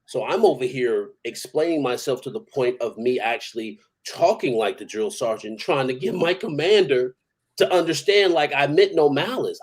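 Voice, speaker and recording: A man's voice: medium pitch, animated, normal speed, rough recording. A man, an army veteran, telling stories in a casual, profane, rambling way and chuckling now and then. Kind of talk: casual storytelling.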